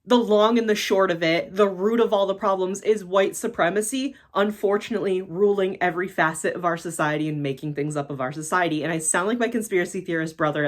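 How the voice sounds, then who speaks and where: A woman's voice: lowish voice, fairly bright tone. A woman vlogger talking to camera in a casual, exasperated rant, swearing constantly and speaking bluntly. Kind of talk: casual ranting monologue to camera.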